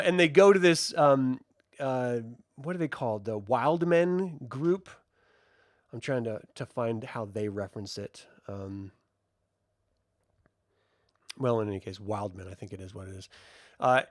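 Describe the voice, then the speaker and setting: A high-voiced man rants through a casual review, sarcastic and swearing freely. His pitch leaps all over, and the sound is close and dry. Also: vocal fry, dry recording. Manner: sarcastic, profane, exasperated. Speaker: video reviewer.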